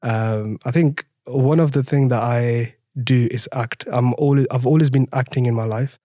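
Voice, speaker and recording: With a French accent, a young man from France laughs often while telling his story as a podcast guest, animatedly re-enacting conversations in this casual interview. His medium-pitched voice is warm, with fairly even intonation and a moderate pace. The recording is dry and studio quality.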